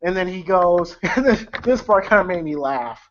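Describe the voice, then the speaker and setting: In a casual movie recap, this reviewer talks in a high, animated voice at a moderate pace. He wanders through the plot, swearing, chuckling and using lots of filler words, on a lo-fi track with a faint hiss.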